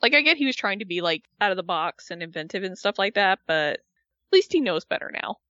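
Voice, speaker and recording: A woman talks over a show's events in casual chat, animated and quick to act out whoever she is quoting. Her voice is bright, recorded dry with a slightly dull, lo-fi sound. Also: mid-range voice, no room sound. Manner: animated retelling, acting out the people she quotes. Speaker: podcast co-host recapping a reality show.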